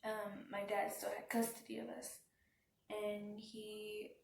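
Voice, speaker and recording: A woman telling a personal story as a vlogger, speaking in a halting, subdued way with frequent restarts. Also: mid-range voice, little pitch movement, creaky, slight background noise. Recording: roomy, from some distance off the mic.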